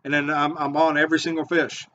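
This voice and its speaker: An excitable man walks through his fishing tips in a casual how-to video, repeating himself as he gets going. His voice sits slightly high for a man. The audio is dull and muffled. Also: fast, a little hiss or hum. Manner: excitable, repetitive, eager. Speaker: fishing bait maker and charter guide.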